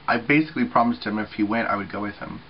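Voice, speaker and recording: A man's voice: lowish voice, fast, muffled recording, a little hiss or hum. A man in his thirties chatting casually to camera for a group channel, talking freely with lots of swearing and filler words. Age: 30s. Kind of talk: casual weekly video chat.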